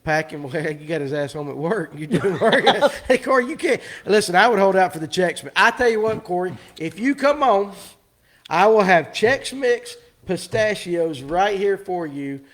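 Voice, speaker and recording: A man's voice: sits high, lively intonation, normal speed, a bit bright. A man hosting a live fishing show, rambling and teasing his guests in casual chat.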